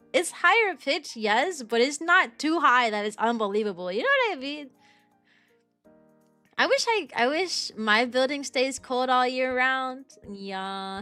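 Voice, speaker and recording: A young American woman answers her stream viewers in casual, rambling talk peppered with fillers and restarts; she teaches kindergarten. Her voice is fairly high and a bit bright, with no room sound.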